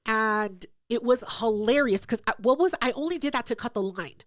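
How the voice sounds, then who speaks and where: A woman tells a rowdy story on her podcast, loud and full of swearing as she acts out every voice. Her voice sits a little high. The sound is close and dry, with no room around it. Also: normal speed, no room sound. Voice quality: loud, profane, animated retelling with acted-out quotes. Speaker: podcast co-host. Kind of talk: casual storytelling chat.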